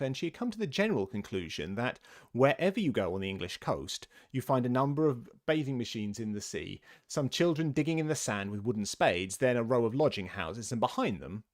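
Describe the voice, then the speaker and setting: A man reading a children's classic aloud in an expressive storybook narration. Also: lowish voice. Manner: animated, lively reading voice.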